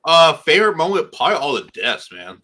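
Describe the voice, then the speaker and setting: A man's voice: on the high side, big pitch swings, fairly quick, a loud crowd. A man co-hosting a casual TV review chat, laid-back and joking, often laughing. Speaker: podcast co-host.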